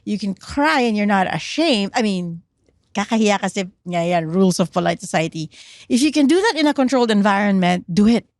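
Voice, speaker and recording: Middle-aged woman, Filipino accent, podcast guest, animated and code-switching, dry close mic. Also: mid-range voice, fairly quick, no room sound. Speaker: podcast guest, trauma researcher. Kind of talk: casual podcast chat.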